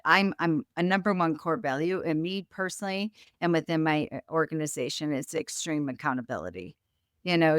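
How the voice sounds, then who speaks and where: Lively storytelling woman, low and smooth. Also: no room sound, clean studio sound. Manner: animated storyteller, acts out quoted voices. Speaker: guest, business founder. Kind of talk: casual interview chat.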